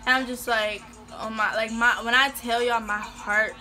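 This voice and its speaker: A young woman vlogger telling a personal story in a casual, animated and emotional way. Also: a little high, normal speed, over music.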